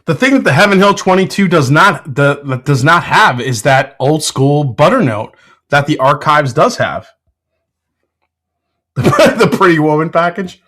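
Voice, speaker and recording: Male stream host, lively pitch, fairly high voice, giggly and profane, casual chat from a home whiskey room. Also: measured pace. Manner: laughs a lot, swears casually, reads chat aloud.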